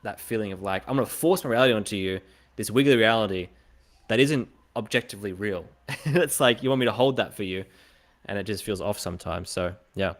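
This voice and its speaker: A young man with an Australian accent talks on a casual podcast in a lowish voice. He tells his stories with energy and acts out the lines of other people as he goes. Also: fairly quick. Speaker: podcast host.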